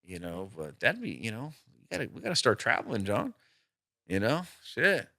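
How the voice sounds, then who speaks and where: A man's voice: fairly low pitch, wildly swooping pitch, normal speed, gravelly, bright, forceful tone, no room sound, studio quality. A man co-hosting a podcast, telling stories in a loose casual chat full of fillers and trailing asides. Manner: rambling, filler-heavy storytelling. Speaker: podcast co-host.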